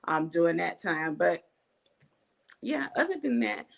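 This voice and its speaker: A woman guest speaking haltingly and hesitantly, full of pauses and fillers. Her voice is lowish with a gravelly creak. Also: sing-song. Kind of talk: casual panel talk.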